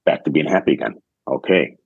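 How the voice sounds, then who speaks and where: A young man with a very deep, low voice that has a husky edge, talking as a podcast guest. He tells his story earnestly and in order, often quoting what others told him. The sound is dry and a little dull, like a muffled remote recording. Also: lively intonation, fairly quick, dry recording. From Michigan, United States. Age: young adult. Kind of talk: conversational storytelling.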